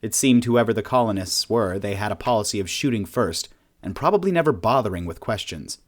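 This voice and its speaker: A man narrating a science fiction audiobook in a steady, plain storytelling manner. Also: on the low side, fairly quick.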